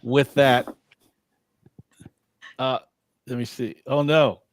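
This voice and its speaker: A man's voice: medium pitch, level tone, drawn-out words, no room sound. Easygoing male host, dry sound. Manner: easygoing, chuckling, trailing off with fillers. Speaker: show host. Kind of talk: casual chat over a video call. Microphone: video call.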